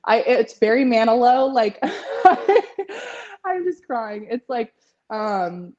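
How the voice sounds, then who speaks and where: A woman's voice: on the high side, big pitch swings, slow pace, darkish tone, highs cut off. A woman in her twenties, a podcast guest, talking in a chatty way with lots of fillers and frequent laughter. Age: 20s. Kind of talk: casual interview chat.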